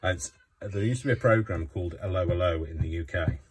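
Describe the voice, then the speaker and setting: A man's voice: sits low, fairly quick, heavy background noise. A man from Coventry, chatting casually while crafting, rambling with many fillers. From Coventry, England. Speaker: craft vlogger.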